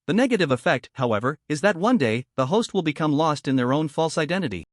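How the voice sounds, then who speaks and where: A calm young crafter weighs his creations with light amusement, voiced by a male narrator. The voice sits fairly high and moves in lively swoops, recorded dry and close. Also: quick pace, no room sound, natural voice. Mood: amused.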